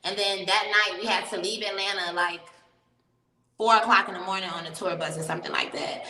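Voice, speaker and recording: A woman telling a story as an interview guest, animated and profane, laughing often. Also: medium pitch, a little fast, roomy sound, in a large hall, rough recording. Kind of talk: casual storytelling.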